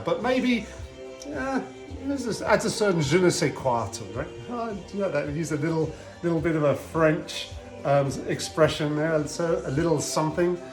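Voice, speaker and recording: A man hosting a casual home cocktail demo, talking in a chatty, rambling way with joking asides to a friend. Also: mid-range voice. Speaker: home cocktail video host. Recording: roomy echo, faint music.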